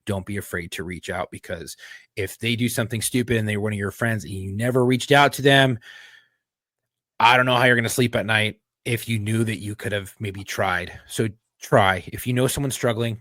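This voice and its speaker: A man's voice: lowish voice, a little fast, fairly bright tone, dry recording, clean studio sound. A man co-hosting a podcast, talking earnestly in casual chat and reading the outro, swearing often. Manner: earnest, profane, repeats himself. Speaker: podcast co-host.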